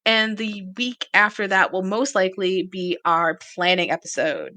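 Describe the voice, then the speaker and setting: A woman's voice: medium pitch, normal speed, sharp tone, no room sound. A woman co-hosting a casual podcast, chatty and laughing often as she plans upcoming episodes. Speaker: podcast co-host. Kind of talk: casual chat.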